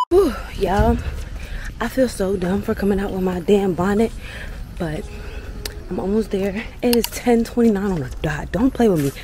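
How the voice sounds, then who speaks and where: A woman's voice: mid-range voice, a little slow, dark tone. A woman in her twenties chatting casually to her viewers in a bubbly, slangy vlog style. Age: 20s. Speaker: vlogger. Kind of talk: casual vlog chat to camera.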